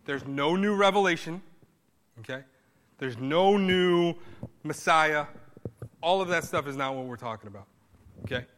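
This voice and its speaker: A man's voice: fairly high pitch, unhurried, long pauses, fairly bright tone, big-room sound, a little hiss or hum. A man pastor preaching a sermon in a conversational style, rising now and then to emphatic bursts.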